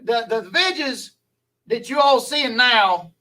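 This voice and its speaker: Bright, high-voiced Southern man chatting. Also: lively intonation, takes it slowly, far from the mic, low-quality recording. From Louisiana. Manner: folksy, chatty, laughs easily. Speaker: logger streaming to viewers. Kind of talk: rambling live-stream chat.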